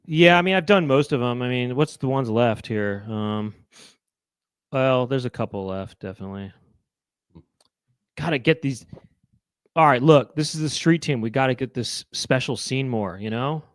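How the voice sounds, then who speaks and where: A man's voice: moderate pace, long pauses, clean tone, no echo, studio quality. A middle-aged man co-hosting a casual comedic chat, rambling and breaking into impressions. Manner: rambling, launches into loud high-pitched impressions. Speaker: co-host.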